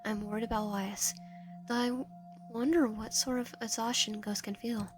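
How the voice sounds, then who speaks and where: A woman's voice: on the high side, steady tone, moderate pace, soft background music. A woman streamer reading a visual novel aloud, narration and player lines, often stumbling and restarting. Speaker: game streamer.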